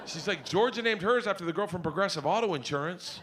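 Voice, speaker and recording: A middle-aged man doing stand-up, telling stories in a loud, crude, animated way that breaks into shouts. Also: high voice, quick pace. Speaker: stand-up comedian. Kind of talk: stand-up storytelling. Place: comedy club stage before a live audience. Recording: live room noise from the crowd.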